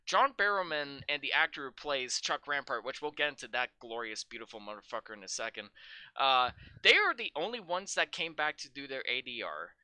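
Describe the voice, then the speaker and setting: Podcast host ranting and laughing about a cheesy movie, swears a ton, bright edgy voice. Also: medium pitch, big pitch swings, clean tone, no echo. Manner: profane, laughing, mocking recaps with quick voice impressions. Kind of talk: casual film podcast chat.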